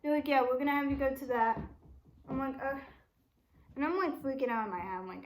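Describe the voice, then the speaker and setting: Young woman vlogging at home, high voice, rambly, keeps saying "i'm like". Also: fast, long pauses, slight background noise. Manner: rambling storytelling, quoting herself and others, repeating "I'm like". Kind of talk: casual life update vlog. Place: room at home with door shut.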